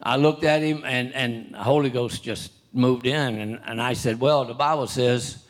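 An older man preaching a sermon, telling a personal story with many restarts and throat-clearing, and reading scripture louder and higher. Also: steady tone, moderate pace. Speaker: pastor.

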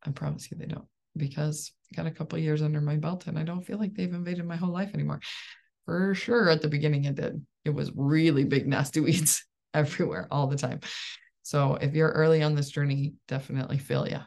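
Low gravelly woman coach chatting along, upbeat, laughs a lot. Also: steady tone, a little fast, darkish tone. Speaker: life coach and support group host. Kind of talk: casual solo coaching talk.

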